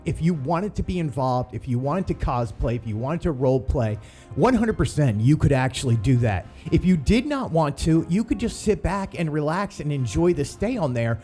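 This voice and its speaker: A man's voice: fairly high pitch, darkish tone. A middle-aged man hosting a theme-park news show in casual, rambling chat full of ums and uhs.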